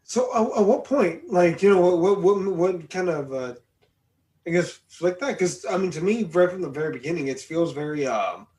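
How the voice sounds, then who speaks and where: High-voiced enthusiastic man. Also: lively intonation, moderate pace, a little mellow. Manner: enthusiastic, swears casually. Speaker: podcast co-host. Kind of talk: casual film review chat.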